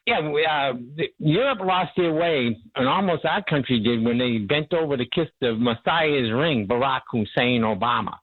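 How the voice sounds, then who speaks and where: A man calling in to a radio talk show, speaking emotionally and haltingly over a phone line. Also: mid-range voice, lively intonation, no room sound. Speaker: caller.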